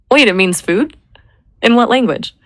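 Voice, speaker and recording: A woman brainstorming names in casual chat, measured and spelling words out letter by letter. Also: fairly high pitch, a bit bright. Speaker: brainstorming assistant.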